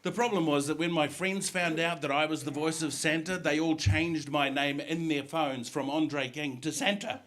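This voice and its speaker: A middle-aged man doing a stand-up comedy set, telling animated stories and slipping into acted voices, on stage in a comedy club. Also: fairly high pitch, normal speed, hardly any pauses. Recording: live comedy club with audience laughter.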